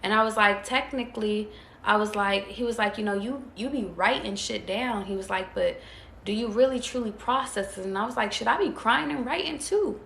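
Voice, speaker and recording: A woman's voice: mid-range voice, brisk, vocal fry, fairly bright tone. A woman tarot reader, talking bluntly and profanely to her viewers. She hammers her points home through repetition. The recording is roomy and echoey, with a faint hiss underneath. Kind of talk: casual spiritual pep talk to viewers. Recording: echoey room with faint noise.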